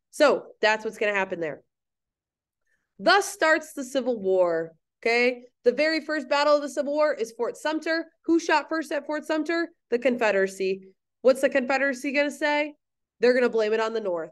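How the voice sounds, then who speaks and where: A woman's voice: sits high, normal speed. A woman teacher giving a recorded history lecture in an empty classroom, playful, jokey and chatty.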